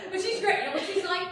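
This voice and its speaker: A woman's voice: very high-pitched, heavy background noise. A woman doing a stand-up comedy set in a theater, with brash, bawdy, self-mocking punchlines. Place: theater stage with live audience. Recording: roomy live theater recording from far off. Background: audience laughter.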